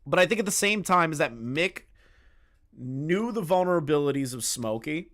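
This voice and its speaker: A man's voice: on the high side, lively intonation, moderate pace, a bit bright. A man hosting a drama commentary video, reacting bluntly and with a lot of swearing. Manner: blunt and profane, with frequent restarts. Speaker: commentary channel host.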